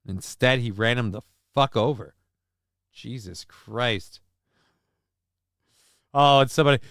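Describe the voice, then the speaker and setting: A man's voice: mid-range voice, unhurried, pauses often, fairly bright tone, dry recording, clean studio sound. A man hosting a casual livestream, reading the chat aloud, joking, loose and profane, with lots of ums and uhs. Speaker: livestream show host.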